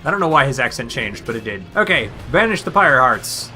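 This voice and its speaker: Bright-voiced man in casual game commentary. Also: medium pitch, fairly quick, faint music behind. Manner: relaxed, wry asides. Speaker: let's-play host.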